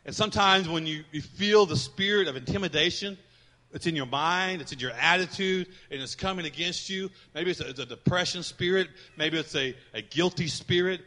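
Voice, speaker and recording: Give me a fervent male pastor with a bright, sharp voice, preaching in a reverberant church. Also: high voice. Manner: fervent, rising to shouts, drawn-out emphatic phrases. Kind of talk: sermon. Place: large church. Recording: long reverb of a church hall.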